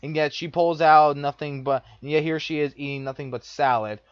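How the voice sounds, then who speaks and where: A man's voice: on the high side, fairly even intonation, a little fast, clear, resonant tone, dry recording. A young man vlogger telling a personal story in a profane, repetitive, exasperated rant. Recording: dull lo-fi dry recording.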